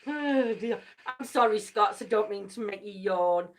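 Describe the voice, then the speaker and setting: A woman's voice: medium pitch, measured pace, noisy background. Tired, chatty woman. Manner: chatty, laughs often, teasing. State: tired, yawning. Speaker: livestream host. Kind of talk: casual live chat.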